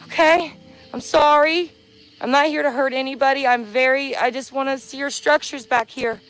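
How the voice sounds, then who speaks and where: Panicked high-voiced woman filming in dark woods. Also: steady tone, normal speed. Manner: pleading, breathless, panicky, swearing. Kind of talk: frightened live commentary to viewers. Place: dark woods outdoors at night. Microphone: handheld camera.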